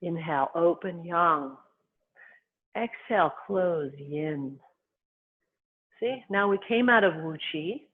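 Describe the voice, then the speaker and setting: A qigong instructor guiding movement and breathing, giving calm, unhurried cues in short phrases. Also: medium pitch. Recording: tinny phone-like sound.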